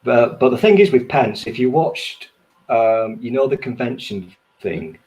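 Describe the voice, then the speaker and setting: A man's voice: medium pitch, animated, measured pace, darkish tone, rough recording. A man co-hosting a podcast in casual chat, teasing and sarcastic. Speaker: podcast co-host.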